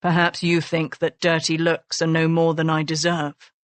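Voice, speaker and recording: A woman voicing a dangerous, guarded man in an audiobook, speaking low, clipped and dry. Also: completely flat delivery, normal speed, no room sound, natural voice.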